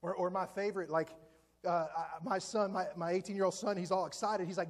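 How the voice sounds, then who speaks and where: Casting: man in his 40s, very high voice, chatty self-deprecating sermon, long hall reverb. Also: steady tone, a little fast. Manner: conversational, joking, self-deprecating. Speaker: preacher.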